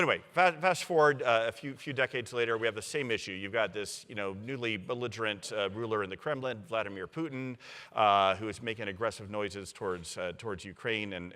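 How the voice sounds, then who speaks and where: A man, a university provost, telling history in a conversational way, acting out quoted leaders with lots of fillers. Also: low-pitched. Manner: animated storyteller, acts out quoted leaders, many fillers. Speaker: university provost, guest speaker. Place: symposium stage in a large hall. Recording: long hall reverb.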